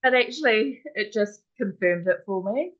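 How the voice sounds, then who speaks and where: A woman's voice: mid-range voice, expressive, moderate pace, a bit bright, lo-fi sound. A New Zealand woman in her forties, a podcast guest talking in a modest, hesitant way. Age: 40s. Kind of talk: casual conversation.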